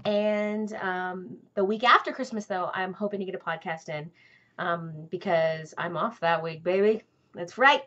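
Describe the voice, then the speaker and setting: A woman's voice: lowish voice, a little slow, fairly bright tone, lo-fi sound. A woman hosting a crafting vlog from home, chatting casually and rambling with lots of ums and asides. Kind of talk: casual chat to camera.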